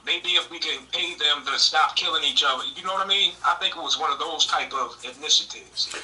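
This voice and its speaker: A man's voice: fairly high pitch, a little fast, sharp tone, distant mic, slight background noise, rough recording. A man speaking as a campaign manager on a political podcast, earnest, often repeating and restarting his words.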